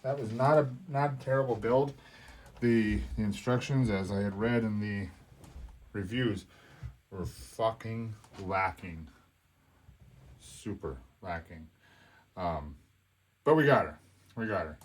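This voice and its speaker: A man's voice: on the low side, unhurried, pauses often, darkish tone. A man talking casually while building a hobby kit, with lots of fillers and frequent swearing. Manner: casual and profane, with many fillers. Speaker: hobby vlogger.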